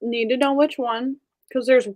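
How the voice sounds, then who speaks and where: A woman's voice: sits high, fairly even intonation, normal speed, a little mellow, no room sound. A woman hosting an online group reading session, chatting casually and bubbly, laughing often. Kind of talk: casual chat.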